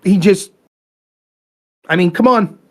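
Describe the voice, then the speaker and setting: A man hosting his own talk show, ranting heatedly about politics with plenty of swearing and mocking asides. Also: high-pitched. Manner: profane, fired-up, talks in rapid bursts and mimics opponents. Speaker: show host.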